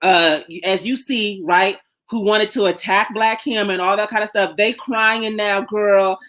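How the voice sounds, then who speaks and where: A woman co-hosting a casual book discussion, telling history in a lively, profane way. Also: mid-range voice, a little slow. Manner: animated, profane storytelling with acted-out voices. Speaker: podcast co-host.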